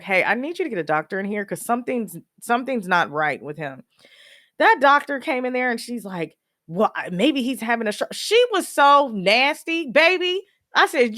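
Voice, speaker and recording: A woman hosting a podcast alone, telling a personal story in a lively, slangy way and acting out the other people's lines herself. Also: medium pitch, no room sound, clean studio sound. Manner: animated, slangy, acts out quoted dialogue. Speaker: podcast host.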